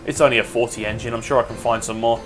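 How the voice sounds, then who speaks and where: A man's voice: mid-range voice, fairly even intonation, quick pace. A young man giving casual, crude, rambling game commentary. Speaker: gaming commentator. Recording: voice over game music.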